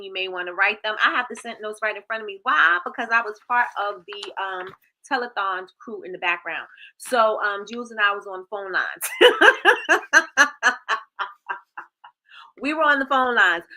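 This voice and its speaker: Woman, livestream host, chatty, bright voice. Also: a little high. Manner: chatty, reads viewer comments aloud, lively. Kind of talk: casual livestream chat.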